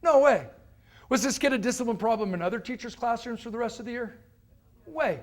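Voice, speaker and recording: A man giving a motivational lecture to a live audience, telling an anecdote and acting out the people in it with lively changes of voice. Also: very high voice, brisk. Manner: animated, acts out characters' voices. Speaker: motivational speaker. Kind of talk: storytelling keynote lecture.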